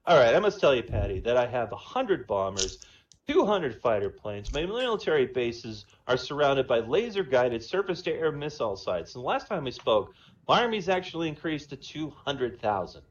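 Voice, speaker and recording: A man voicing a stern, self-assured male president who speaks in a measured, commanding way, over a dull lo-fi voice chat. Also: medium pitch, big pitch swings, close to an everyday voice.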